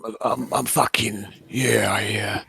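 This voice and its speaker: A man playing a cheeky male goblin minion with a put-on Cockney accent, loud and jokey. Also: lowish voice, steady tone, unhurried, creaky, breathy edge, dry recording, clean studio sound, heavily acted. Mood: jovial.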